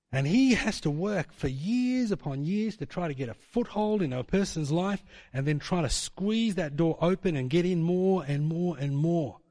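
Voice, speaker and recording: A man's voice: fairly high pitch, mellow. A man preaching a sermon, telling stories and asking rhetorical questions. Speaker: pastor.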